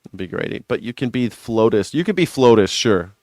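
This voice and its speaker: A man's voice: on the low side, big pitch swings, normal speed, gravelly, darkish tone, dry recording. A man hosting a news reaction show, ranting in a sarcastic and profane way. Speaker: host.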